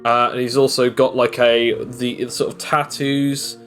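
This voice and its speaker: Slow, rambling male game master. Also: medium pitch, level tone, fairly bright tone, soft background music. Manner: rambling, full of fillers and restarts. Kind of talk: narrating a tabletop game.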